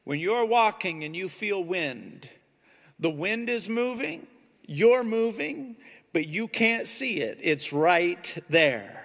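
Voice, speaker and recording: A man preaching a sermon as pastor of a church, animated and climbing loud on his key points. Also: sits high, takes it slowly, long reverb tail. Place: church sanctuary.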